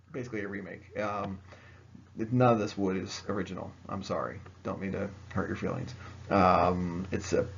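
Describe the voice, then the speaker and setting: A man's voice: low-pitched, creaky, highs cut off, a little hiss or hum. A man teaching a history lesson by video, chatty and joking, speaking straight to his students. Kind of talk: recorded video lecture.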